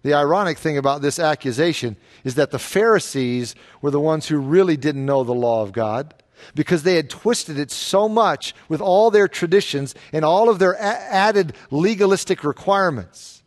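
Emphatic high-voiced male preacher. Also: lively intonation, normal speed. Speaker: pastor. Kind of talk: expository sermon.

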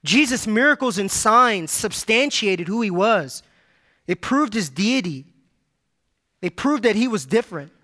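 Guy preaching a sermon, high bright voice, keeps repeating stuff for emphasis. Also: animated, measured pace. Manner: emphatic, repeats key phrases for stress; addresses congregation directly, reads scripture aloud.

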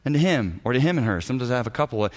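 A man, a senior pastor, giving a teaching talk to church leaders and telling stories with lively acted-out dialogue. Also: medium pitch, racing. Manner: animated storyteller, acts out dialogue, chuckles often.

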